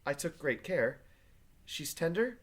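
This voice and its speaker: A man voicing Elizabeth Proctor, a reserved farm wife, read quietly and plainly from a play. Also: on the high side, sing-song, slow pace, pitched above the performer's own voice, exaggerated voice. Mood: guarded. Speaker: teacher reading a play aloud. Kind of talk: reading play aloud to a class.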